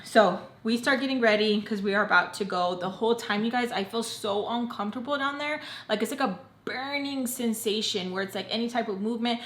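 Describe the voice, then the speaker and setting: In an echoey space, a young woman with a slightly high, fairly bright voice rattles off a personal story a little fast, with hardly any pauses. Chatty and vlog-style, she speaks straight to "you guys," fills her lines with "like," and slips in Spanish.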